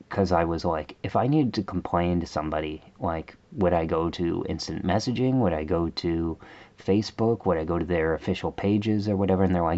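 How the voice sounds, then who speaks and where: A man's voice: low voice, brisk, warm tone, muffled recording. A man vlogger telling a rambling, exasperated story in a casual rant, full of fillers.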